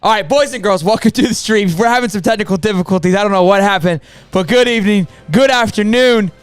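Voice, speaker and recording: A man hosting a sports live stream, hoarse after losing his voice, talking in a hyped, rambling way and calling out to "boys and girls.". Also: high-pitched, fast talker, no room sound, faint music behind. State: hoarse, voice partly gone. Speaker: sports show host. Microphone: studio mic on a stream.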